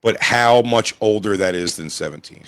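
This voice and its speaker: A man's voice: lowish voice, a bit bright, no echo. Crude, laid-back man in his forties. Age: 40s. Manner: laid-back, crude banter, quick laughs. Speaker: podcast co-host. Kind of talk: casual comedy podcast chat.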